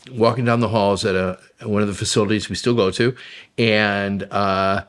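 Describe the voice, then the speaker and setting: A man with a fairly low voice recounts his work as a vaudeville troupe performer. He tells his stories haltingly, with many fillers and bursts of laughter. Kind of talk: interview storytelling.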